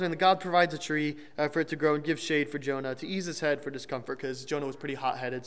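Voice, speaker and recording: A man's voice: fairly high pitch, fairly bright tone, smooth. A young man giving a conversational sermon, joking lightly and restarting his sentences as he explains a Bible passage. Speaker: preacher. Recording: long hall reverb.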